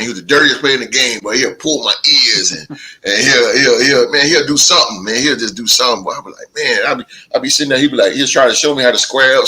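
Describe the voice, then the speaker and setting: A man hosting a podcast, telling stories in a casual chat with animated delivery and big laughs. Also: mid-range voice, low-quality recording. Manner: animated storytelling, drawn-out laughs. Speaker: podcast host.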